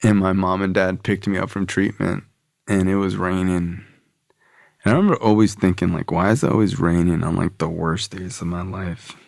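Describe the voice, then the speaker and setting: A man's voice: low voice, fairly even intonation, moderate pace, gravelly, no echo, studio quality. A man on a podcast telling a personal story in casual speech, swearing freely and acting out the people he quotes. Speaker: podcast guest.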